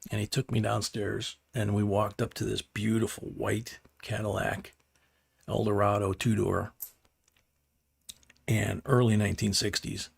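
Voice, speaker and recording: Gravelly-voiced older man rambling. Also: lowish voice, little pitch movement, unhurried. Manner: rambling, chuckling, restarts his sentences. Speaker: host. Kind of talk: casual storytelling on a live stream.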